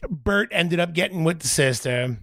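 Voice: medium pitch, normal speed, gravelly, no room sound. A podcast co-host in casual comedy chat, telling a story with lots of laughing and reading aloud. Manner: animated, laughs often, reads aloud.

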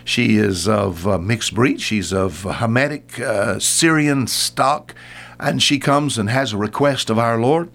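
An older man, a radio Bible teacher, giving a homespun, animated Bible talk and acting out the voices in the story. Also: lowish voice, a little slow, gravelly.

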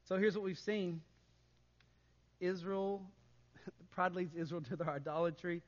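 A man preaching a sermon as pastor, conversational and animated, often adding "right?" to his points. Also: high-pitched, a little slow, in a large hall, highs cut off.

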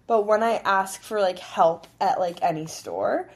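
A woman's voice: medium pitch, very animated, measured pace. A young woman in a mid-range voice chats casually as a podcast co-host. She is bubbly and acts out her own reactions as she talks. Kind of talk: casual chat.

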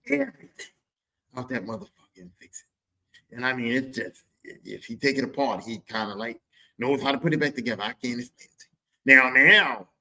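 Profane, bright-voiced male storyteller. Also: medium pitch. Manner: profane, animated, repeats lines for emphasis. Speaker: podcast host. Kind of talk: comic storytelling monologue.

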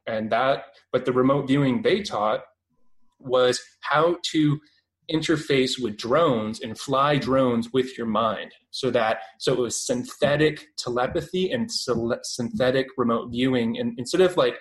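A man's voice: mid-range voice, measured pace, rough recording. A young Canadian man speaks as a radio interview guest in an ordinary middle-range voice. He keeps reaching for words, full of fillers and false starts, and his delivery stays casual and conversational throughout. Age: 20s. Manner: hesitant, many fillers and restarts. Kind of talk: radio interview, recounting experiences.

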